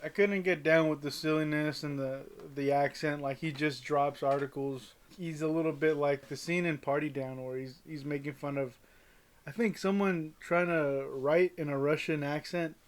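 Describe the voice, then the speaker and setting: Rambling man, slightly high voice. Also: steady tone, normal speed. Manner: rambling, hesitant, lots of fillers and restarts. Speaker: podcast co-host. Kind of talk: casual chat.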